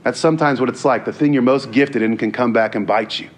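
A man's voice: medium pitch, quick pace. A man preaching a sermon in an earnest, conversational way, sometimes repeating words as he goes.

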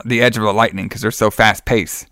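Rambling man, smooth clear voice. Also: on the low side, brisk, no echo, studio quality. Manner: rambling, lots of "like" and restarts, excitable. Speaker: podcast co-host. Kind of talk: casual chat recapping a wrestling show.

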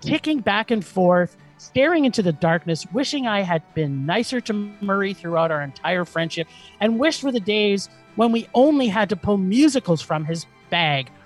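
A woman's voice: mid-range voice, animated, normal speed, faint music behind. Exasperated woman ranting about a film. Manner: exasperated, profane, dramatic. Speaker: podcast co-host.

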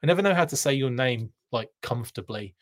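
Reading viewers' chat comments out loud, this live stream host keeps things casual and pokes fun at himself, laughing frequently. He speaks quickly in an expressive, medium-pitched voice.

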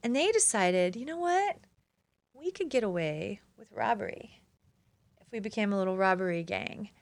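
A woman recounts her reporting days in a chatty, animated way, her voice leaping up whenever she acts out what someone said. She is recorded close and dry, with no room sound. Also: moderate pace, gravelly, no echo. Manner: animated, acts out quotes with big pitch jumps. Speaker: former crime reporter, guest. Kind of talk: casual storytelling interview.

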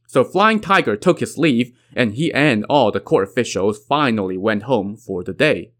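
A man's voice: mid-range voice, lively intonation, moderate pace, few pauses, fairly bright tone. A man retelling a classic tale with wry, conversational asides. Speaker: storyteller.

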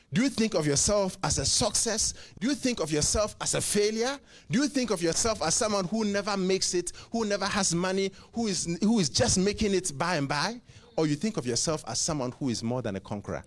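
Animated preacher man, high and lively. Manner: rhetorical questions, repeats words and restarts. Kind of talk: sermon.

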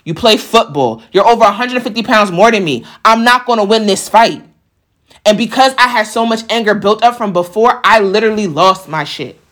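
At a medium pitch and normal pace, a young woman tells a story casually and with plenty of profanity. She's animated and acts out the voices of the people involved.

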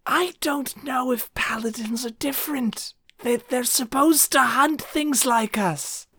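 A woman voicing a timid undead talking rock in whispered role-play, hushed and wary. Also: high voice, slow pace, husky, no echo, clean studio sound, voice pushed up, full character voice.

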